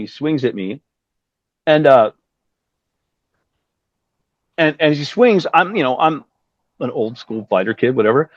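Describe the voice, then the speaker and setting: A man's voice: medium pitch, dry recording, highs cut off. A middle-aged man, a guest musician, telling a long rambling story in a casual interview, acting out the lines of the people in it. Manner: rambling anecdote with acted-out quotes and profanity.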